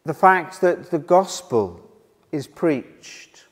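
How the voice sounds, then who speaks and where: A man's voice: on the high side, animated, husky. A man preaching a sermon in an earnest way, leaning hard on key words. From Wales. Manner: slow, earnest, rising and falling emphasis. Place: church hall. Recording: reverberant church hall.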